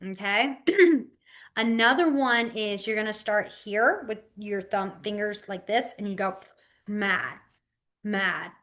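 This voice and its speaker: A woman teaching a beginners' sign language class over a webcam, giggly and lively, acting out her examples with her voice. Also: medium pitch, measured pace. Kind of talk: online class instruction. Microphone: webcam mic on a video call.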